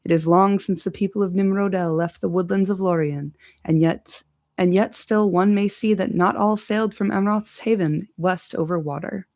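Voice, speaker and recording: A woman's voice: medium pitch, fairly even intonation, moderate pace, a little mellow, dry recording, clean studio sound, natural voice. A woman voicing a graceful, courteous male elf lord in an amateur audiobook reading. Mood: earnest.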